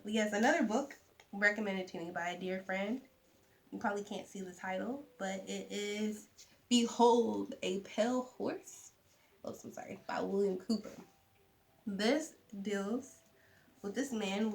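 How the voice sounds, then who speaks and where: A young woman chatting casually to camera about books, animated, with soft asides. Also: mid-range voice, slight background noise. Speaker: vlogger. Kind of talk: casual book chat to camera.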